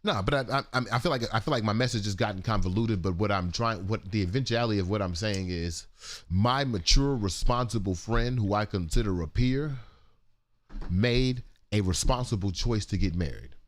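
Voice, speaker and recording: A man's voice: on the low side, normal speed. A man co-hosting a casual morning livestream talk show, joking and profane in loose banter.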